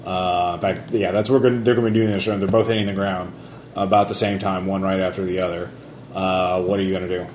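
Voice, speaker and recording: A man's voice: sits low, level tone, quick pace, a little mellow, roomy sound, a little hiss or hum. A man narrating a tabletop game as game master, rambling with many fillers and restarts.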